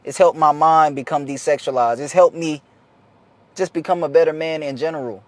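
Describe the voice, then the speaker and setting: A man's voice: a little high, fairly even intonation, normal speed, dry recording. A young man talking casually to the camera, giving an earnest, slangy, repetitive motivational talk as a vlogger.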